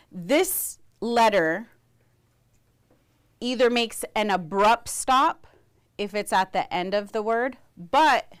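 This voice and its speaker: Slow, smooth-voiced woman teaching a class. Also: medium pitch. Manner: slow, careful, modeling sounds for students. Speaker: language teacher.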